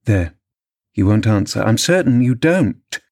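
A man reading an audiobook, voicing a proud, passionate young lady of the manor who speaks in an imperious, sharp way. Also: on the low side, animated, measured pace, vocal fry, dry recording, studio quality, full character voice.

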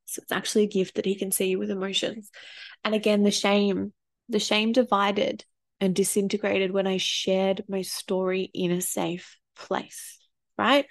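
A woman's voice: medium pitch, flat delivery, moderate pace, gravelly. A woman in her thirties, a parenting coach telling personal stories in a casual, candid way, swearing freely and getting emotional. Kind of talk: casual storytelling vlog.

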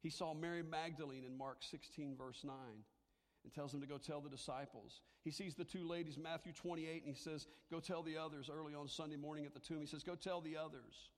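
A man preaching a sermon to a congregation, animated and conversational, sometimes dropping to a hushed, near-whispered delivery for emphasis. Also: a little high, fairly quick, in a large hall. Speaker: pastor.

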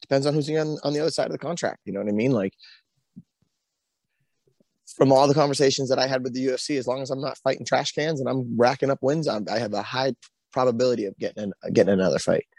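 A man's voice: medium pitch, quick pace, a little mellow, no room sound. A man with a Boston accent, a pro fighter as the guest, talking casually and rambling with many restarts. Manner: rambling, full of "you know" and restarts. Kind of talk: casual interview talk.

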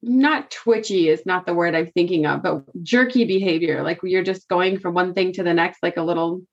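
A woman's voice: lowish voice, moderate pace. Woman podcast co-host, casual chat, chatty, thinks aloud, slightly muffled lo-fi sound.

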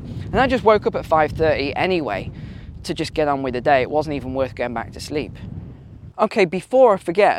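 A man telling stories in a chatty, animated way while vlogging outdoors on a windy walk. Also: on the high side, dry recording. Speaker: finance vlogger. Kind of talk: casual walk-and-talk vlog.

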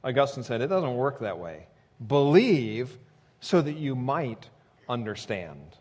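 Lively, expressive preaching man. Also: mid-range voice, a little slow. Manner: expressive preaching, voice rising sharply for quoted shouts. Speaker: pastor. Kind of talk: sermon.

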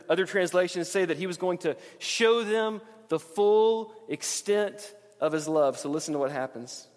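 A man preaching a sermon, earnest and emphatic, often repeating his phrases. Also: on the high side. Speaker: pastor. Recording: long reverb of a large hall.

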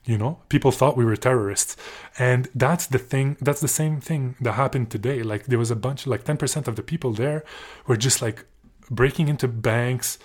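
A man's voice: medium pitch, normal speed, a little mellow. A young man from Canada telling a rambling, sarcastic story on his podcast, swearing often and restarting his sentences. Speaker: podcast host. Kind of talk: casual storytelling monologue.

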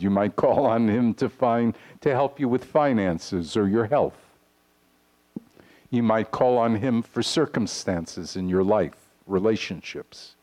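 A man preaching a sermon to his congregation, earnest and deliberate, reading scripture aloud. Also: on the low side, a little mellow. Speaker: pastor. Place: congregation hall.

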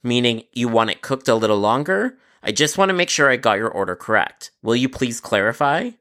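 A man narrating his call center stories in a sarcastic, exasperated tone, with deadpan asides. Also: mid-range voice, a little fast. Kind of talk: scripted storytelling narration.

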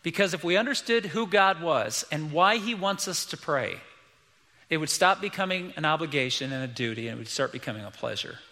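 A man's voice: a little high, expressive, fairly quick, bright, forceful tone, in a large hall. A middle-aged man preaching a sermon as pastor, emphatic and repeating key lines, acting out quoted voices.

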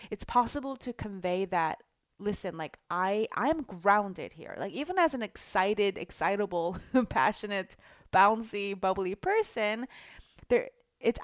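A woman's voice: medium pitch, no room sound, studio quality. Bubbly, emphatic woman coach. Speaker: life coach. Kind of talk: teaching monologue.

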